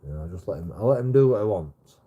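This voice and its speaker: Deep husky guy ranting on a livestream, swears loads, keeps restarting. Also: lively intonation, quick pace, narrow, tinny audio. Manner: swears heavily, repeats and restarts himself. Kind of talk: rambling casual storytelling.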